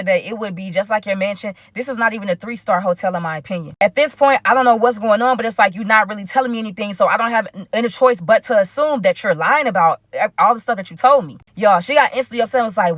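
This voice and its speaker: A young woman, telling a storytime in a casual, animated way and talking straight to her viewers. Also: medium pitch, fast, hardly any pauses, no echo. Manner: animated, talks straight to viewers with lots of asides. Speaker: storytime vlogger.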